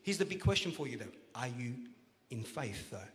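A man preaching a sermon as pastor, playful and joking, then rising to loud, emphatic calls to the congregation. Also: mid-range voice, sing-song, normal speed. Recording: long church hall reverb.

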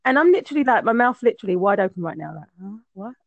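A woman's voice: on the high side, very animated, very fast, dry recording, highs cut off. A woman hosting a podcast over a remote call, an effusive, gushing chatterbox. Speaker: podcast host. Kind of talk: casual interview conversation.

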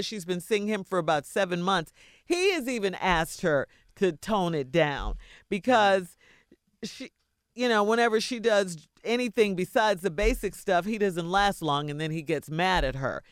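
Lively woman host reading a letter. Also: medium pitch, normal speed, smooth, no echo, studio quality. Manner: lively, laughs often. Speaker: radio show host. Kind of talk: reading a listener letter on morning radio.

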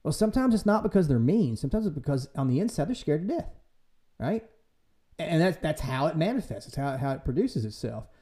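A man hosting a casual church podcast, talking in a lively way and acting out quoted voices for humor. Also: fairly high pitch, brisk. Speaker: podcast host and church leader. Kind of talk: casual faith discussion.

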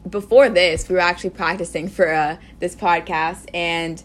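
Laid-back teenage girl, lowish voice. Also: fairly even intonation, normal speed. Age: teens. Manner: rambling, frequent "like" and "you know", laid-back. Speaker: podcast co-host. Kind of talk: casual chat.

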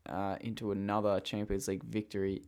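A man's voice: fairly low pitch, a little fast. Laid-back Australian guy hosting footy tips. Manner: relaxed, leads the segments, laughs easily. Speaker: podcast host. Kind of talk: casual football tipping chat.

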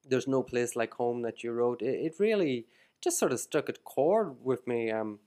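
An Irish man hosting a casual podcast, talking in an animated way and reading passages aloud with emphasis. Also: medium pitch, normal speed. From Ireland. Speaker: podcast host.

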